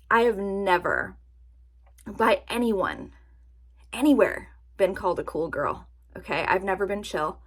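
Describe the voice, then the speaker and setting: A woman chatting casually to her camera in a vlog, animated and self-mocking, laughing at her own jokes. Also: medium pitch, a little slow, pauses often, breathy edge. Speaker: vlogger. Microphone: camera-mounted or nearby mic, sitting to film.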